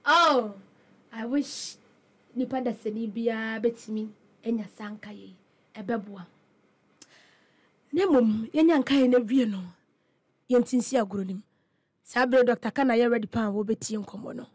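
A woman's voice: a little high, unhurried, long pauses. A woman hosting a radio interview, asking questions in Twi and English. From Ghana. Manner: asks questions in Twi and English, short encouraging backchannels. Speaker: radio host. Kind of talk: casual interview.

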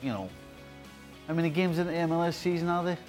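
A man's voice: on the high side, quick pace, darkish tone, soft background music. A man from the west coast of Scotland with a broad Scottish accent, arguing his points about football in a blunt, emphatic way. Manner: emphatic, blunt, says aye. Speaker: football pundit. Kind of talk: panel chat.

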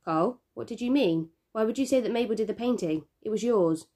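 A woman's voice: fairly high pitch, brisk, mellow, pitched above the performer's own voice, lightly acted. A woman voicing a worried mother with an anxious, pleading tone in a read-aloud story.

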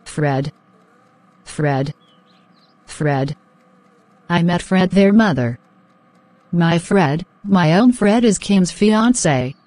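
A woman's voice: on the low side, animated, drawn-out words, long pauses, darkish tone, no echo. Brief: woman as a furious jilted friend, dry close voice, dramatic. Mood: indignant. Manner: indignant, dramatic, threatening. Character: jealous, hot-tempered young woman. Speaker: voice actor in animated drama.

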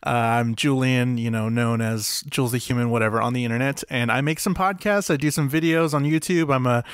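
A man's voice: medium pitch, fairly even intonation, a little fast, smooth, no echo, clean studio sound. A young man guesting on a podcast, chatting casually and a bit hesitantly. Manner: hesitant, easygoing. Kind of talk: casual interview chat.

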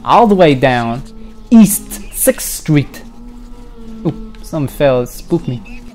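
A man's voice: fairly high pitch, big pitch swings, slow, darkish tone, faint music behind. A young Australian man giving crude, jokey commentary while playing a video game, with bursts of mock panic. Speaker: let's-play gamer. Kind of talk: joking gameplay commentary.

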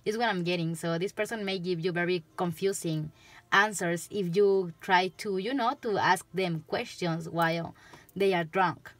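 A woman's voice: fairly low pitch, normal speed, no echo. A woman with a Spanish accent giving a tarot reading to camera, chatting loosely and laughing often. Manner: giggly, chatty, loose rambling. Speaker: tarot reader.

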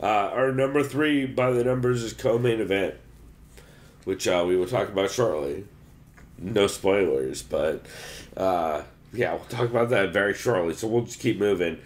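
A man's voice: fairly low pitch, moderate pace. A man co-hosting a casual sports podcast, talking in a loose, profane, rambling way with lots of restarts. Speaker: podcast co-host.

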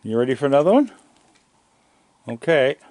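An older man, chatting casually outdoors at his house, plainspoken, coaxing the animals gently as he talks. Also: mid-range voice, very animated, moderate pace. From Nova Scotia, Canada. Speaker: wildlife vlogger. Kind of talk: casual talk while feeding raccoons.

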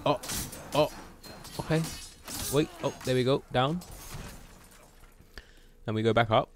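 A man giving lively commentary on his game during a live stream, full of exclamations, sound effects and swearing. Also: mid-range voice, measured pace, long pauses, slight background noise.

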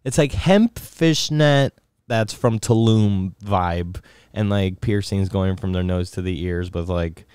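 A man's voice: low-pitched, slow pace, clear, resonant tone, no echo. A man telling a rambling, profane story in a casual podcast chat, acting out what people said. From Miami area. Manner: rambling, profane, acts out quotes loudly. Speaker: podcast co-host.

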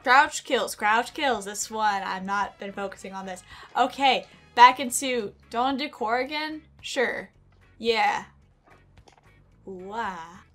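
A woman streamer giving excitable, chatty commentary over her own gameplay, often gasping and exclaiming. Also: fairly high pitch, unhurried. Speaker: gaming streamer. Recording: game music and gunfire behind.

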